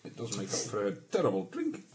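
A man's voice: on the low side, huge pitch swings, fast talker, a little mellow, slight background noise. A man playing a first mate in a tabletop game, in a dodgy put-on Scottish accent, formally calling his captain sir. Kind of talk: in-character tabletop banter.

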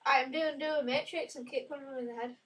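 High-voiced woman describing her moves. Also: fairly even intonation, fast talker, a bit bright. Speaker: player. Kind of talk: casual tabletop game chat. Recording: distant mic with clear background noise.

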